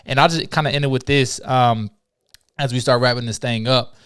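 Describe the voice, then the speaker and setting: A man's voice: medium pitch, fairly even intonation, a little fast, fairly bright tone, smooth. A man co-hosting a podcast, a former morning show host, giving advice in a casual, preachy way built on sayings. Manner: preachy, uses sayings, asks "right?".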